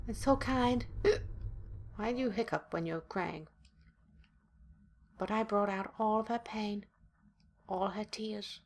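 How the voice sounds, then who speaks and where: A woman's voice: mid-range voice, darkish tone. A woman playing through a horror game, reading the story aloud dramatically and breaking in with blunt, profane asides. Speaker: let's play gamer.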